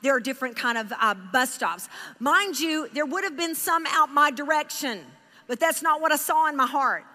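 A woman from Texas telling a story in a sermon, animated and emotional, speaking straight to her audience. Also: sits high, normal speed, big-room sound. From Houston, Texas. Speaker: Bible teacher.

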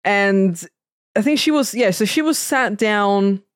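A woman co-hosting a podcast, recapping a film in casual chat with sudden high-pitched outbursts. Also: lively intonation, a little slow, no room sound, studio quality. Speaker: podcast co-host.

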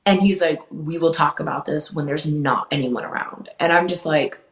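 A young woman candidly recounting a painful relationship as an interview guest, swearing freely and rising in pitch as she gets upset. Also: moderate pace. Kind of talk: emotional personal storytelling. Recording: roomy echo.

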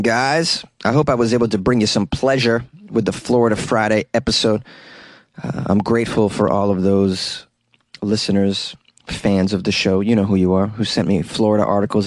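A man's voice: on the low side, normal speed, dry recording. A man hosting his own comedy podcast, talking solo in a wry, rambling way and laughing at his own jokes, recorded in a small closet. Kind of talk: casual solo podcast monologue.

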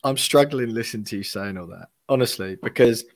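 A man's voice: fairly low pitch, fairly quick, dry recording. A young man from England hosting a podcast, talking in a matter-of-fact, bantering way. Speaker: podcast host. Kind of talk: casual chat and podcast plugs.

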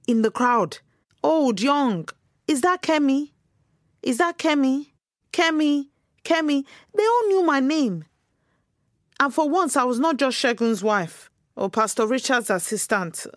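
A spirited church assistant who survived a hostage siege, speaks emphatically with a somewhat high voice. She stumbles on little fillers and bristles with indignation. The sound is dry and close. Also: no room sound. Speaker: former hostage. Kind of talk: audio drama monologue.

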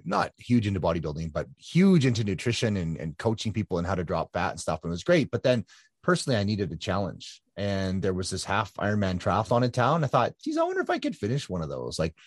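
Man in his 50s, interview guest, rambling animated storyteller, lowish husky voice. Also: no room sound, clean studio sound. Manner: animated storyteller with lots of fillers and restarts. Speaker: guest, ultra-endurance triathlete.

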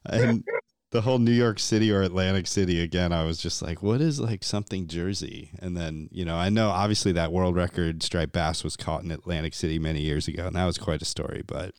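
A man's voice: deep voice, fairly even intonation, a little fast, clean tone, no echo, clean studio sound. A man hosting a casual interview, friendly and easygoing, laughing along with his guest. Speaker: podcast host.

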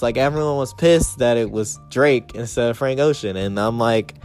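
A man hosts a casual solo podcast rant, swearing freely. He paces a small closed room, and his voice leaps higher whenever he gets worked up. Faint music plays underneath. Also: a little slow. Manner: profane, heated ranting with big pitch jumps. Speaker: podcast host.

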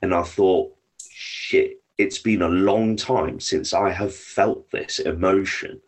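As a guest on a podcast, an English man from the UK casually tells lively hunting stories, swearing without restraint. His voice sits low and he speaks in an unhurried way.

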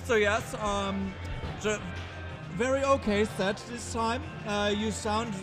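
A blunt German concertgoer with a put-on German accent, dishing out deadpan criticism, as a man puts him on. The voice sits high. Music plays clearly behind him. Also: slow. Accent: mock German. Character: blunt German male fan at a merch table.

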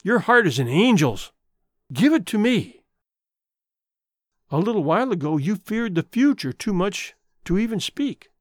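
A man's voice: sits high, very animated, a little slow, long pauses, no echo, studio quality, pitched above the performer's own voice. A man reading the lines of an idealistic young man, speaking earnestly and passionately in an audiobook. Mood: impassioned. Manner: earnest, impassioned.

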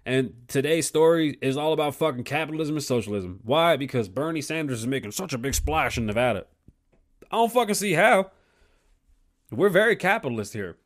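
A man's voice: on the high side, animated, brisk. A man hosting his own talk show, ranting bluntly with constant cussing and a combative edge. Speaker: podcast host. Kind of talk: profane opinion rant.

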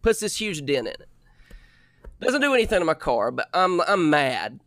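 Young male storyteller, exasperated and lively, slightly high, close dry mic. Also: normal speed, no echo. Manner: animated, exasperated retelling. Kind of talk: casual storytelling.

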